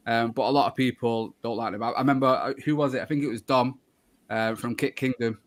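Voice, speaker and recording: A man hosts a relaxed live show, talking in a friendly, rambling way. His voice sits at a middle pitch, and he fills gaps with ums and restarts. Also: fast talker. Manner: chatty, friendly, many fillers and restarts. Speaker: podcast host. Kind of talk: casual live show chat.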